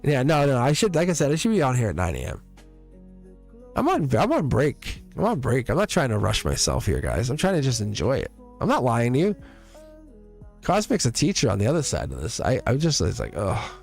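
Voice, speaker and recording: A man's voice: mid-range voice, huge pitch swings, brisk, gravelly, soft background music. A man hosting a live tarot stream in a casual, rambling way, chuckling often and joking with his viewers.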